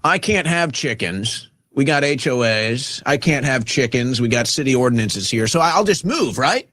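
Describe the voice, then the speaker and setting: A man's voice: mid-range voice, lively intonation, moderate pace, few pauses, dry recording, studio quality. A man hosting a talk show, delivering a heated, sarcastic political rant with mocking asides. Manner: sarcastic, mocking, shouting at times.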